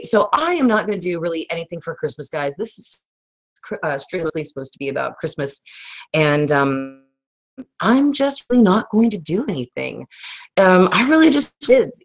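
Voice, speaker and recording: Woman host, 30s, raspy today; loose chatty livestream delivery, lower pitch. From Texas. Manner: rambling, laughs often, reads viewer comments. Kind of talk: casual livestream chat.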